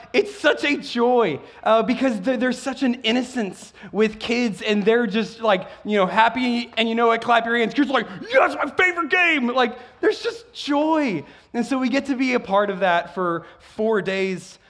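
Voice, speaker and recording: Excitable high-voiced pastor. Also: male voice. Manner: excitable, with frequent stumbles and restarts. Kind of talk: sermon.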